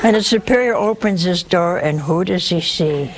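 A woman preaching a sermon, telling a story in a lively, humorous way despite a sore throat. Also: fairly low pitch, normal speed, over a noisy crowd, rough recording.

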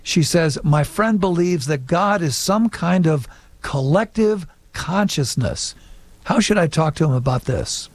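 A man's voice: a little high, expressive, measured pace. A man hosting a call-in radio show, reading listener emails and signing off in a friendly, upbeat way. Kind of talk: broadcast hosting.

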